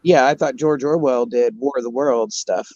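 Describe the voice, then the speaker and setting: A man's voice: medium pitch, moderate pace, darkish tone, no room sound, highs cut off. Chatty man with a dry sound. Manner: rambling, joking, laughs often. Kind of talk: casual chat.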